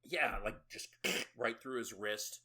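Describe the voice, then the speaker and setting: Bright-voiced sarcastic podcast host. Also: male voice, fairly low pitch, slow pace, breathy edge. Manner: sarcastic, swearing, laughing asides. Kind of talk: casual movie recap.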